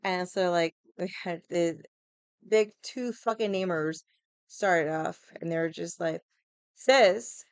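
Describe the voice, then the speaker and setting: Chatty, profane woman with a smooth voice. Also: fairly low pitch, unhurried, no room sound. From Hawaii. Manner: animated, profane, laughs often, acts out quotes. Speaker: vlogger. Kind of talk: casual storytelling chat.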